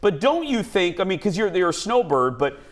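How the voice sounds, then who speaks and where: A talk show host keeps his delivery bouncy, jokey and excitable as he chats on a studio stage in front of a live audience. His pitch sits a little high for a man, and his intonation swings all over the place. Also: moderate pace.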